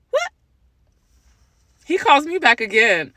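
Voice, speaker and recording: A mother telling an animated storytime, laughing and exasperated as she recounts a phone call. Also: on the high side, slow, long pauses, no room sound. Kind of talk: storytime vlog.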